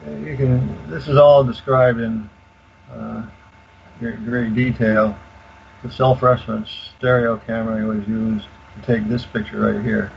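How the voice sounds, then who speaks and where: An older man explaining in detail as a radio guest, halting with many fillers and restarts. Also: medium pitch, little pitch movement, vocal fry. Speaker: guest expert. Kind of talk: casual explanation on a call-in radio show. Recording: dull lo-fi call audio with faint hiss.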